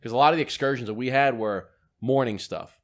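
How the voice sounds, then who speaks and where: A young man co-hosting a podcast rambles through a trip story in casual chat, restarting sentences and swearing casually. His voice is medium-pitched, a little fast and fairly bright in tone.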